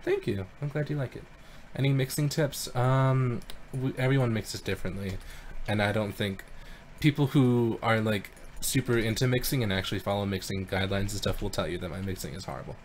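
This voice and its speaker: A man chatting casually on a live stream, relaxed and self-deprecating as he answers questions from chat. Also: lowish voice, a little fast, slight background noise. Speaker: singer streaming voice synth tuning.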